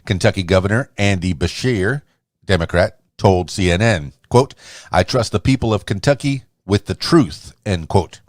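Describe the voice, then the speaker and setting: Podcast host, male, lowish voice, reads headlines with slips and self-corrections, dry close sound. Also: expressive, normal speed, no room sound. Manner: reads headlines aloud with frequent slips and restarts. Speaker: podcast host reading news. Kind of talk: news roundup reading.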